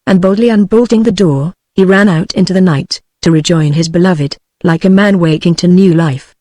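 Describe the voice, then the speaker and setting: A text-to-speech woman's voice with a British English accent reading a novel aloud in an even, synthetic way, sometimes voicing the punctuation. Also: lowish voice, moderate pace, dry recording. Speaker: audiobook narrator.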